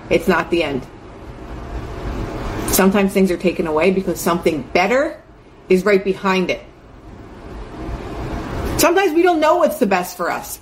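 A woman's voice: mid-range voice, a little hiss or hum. A young adult woman giving an earnest, chatty motivational talk, full of fillers like "like". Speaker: host.

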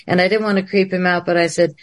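A woman's voice: fairly low pitch, steady tone, quick pace. A woman filmmaker telling a long story on a livestream, acting out the dialogue in different voices. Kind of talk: animated storytelling. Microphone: livestream video call.

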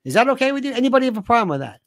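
A man's voice: extremely high pitch, very animated, racing. Male show host, casual rant, sarcastic and exasperated, with lots of rhetorical questions and restarts.

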